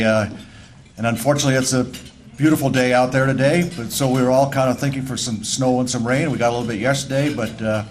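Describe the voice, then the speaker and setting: An older man delivering a formal annual address as mayor at a luncheon, speaking in a measured, deliberate way and repeating words for emphasis. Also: medium pitch, a little hiss or hum. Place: luncheon banquet hall.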